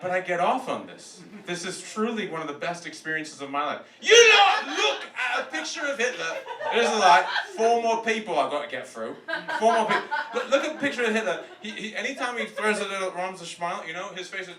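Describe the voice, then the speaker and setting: A man doing a live comedy roast in a club, with a loose, self-mocking delivery and bursts of laughter at his own jokes. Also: high voice. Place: comedy club stage with audience. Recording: echoey club, from far off, noisy.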